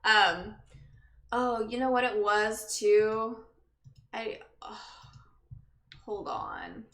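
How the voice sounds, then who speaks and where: A woman's voice: medium pitch, lively intonation, drawn-out words, fairly bright tone. A young woman streaming live, chatting casually with viewers, greeting them by name and sounding exhausted. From Texas. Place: her bedroom. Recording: echoey room with background music.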